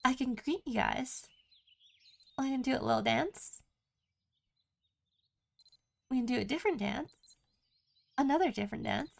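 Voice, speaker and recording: While gaming on stream, a woman talks casually with chat, reads comments out, and runs through her available options. She speaks with a high, creaky voice, a little slowly, and pauses often.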